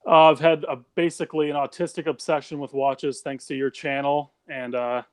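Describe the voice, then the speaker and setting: A man's voice: a little high, flat delivery, moderate pace, clean tone, dry recording. A young adult man calling into a live show, chatting frankly and swearing casually. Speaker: guest caller. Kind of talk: casual chat.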